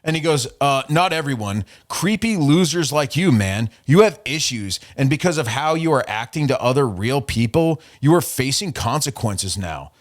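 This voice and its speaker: A man's voice: medium pitch, lively intonation, normal speed, hardly any pauses. Guy on a podcast going off, swearing a lot, mocking this dude, normal mid voice. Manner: profane, mocking, reading out messages. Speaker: podcast host. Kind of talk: casual podcast rant.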